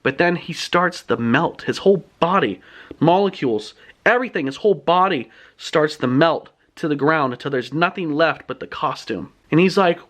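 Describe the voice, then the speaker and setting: A man recapping a story in casual, animated, indignant storytelling. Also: fairly high pitch, moderate pace. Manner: animated, indignant, laughs often. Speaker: book reviewer.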